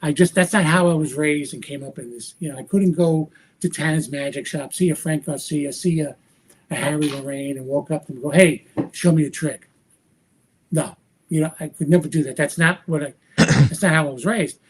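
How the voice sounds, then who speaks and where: A man's voice: a little high, fairly quick, a little hiss or hum. A man, a magician guest on a podcast, telling a story with energy and acting out the voices of the people in it. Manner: acts out quoted dialogue with lively voice shifts. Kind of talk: animated anecdotal storytelling.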